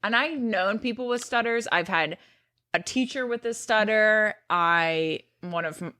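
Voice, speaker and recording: Woman, podcast co-host, casual chat, bright voice, relaxed and earnest, dry close sound. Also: medium pitch, measured pace, no echo. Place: living room at home.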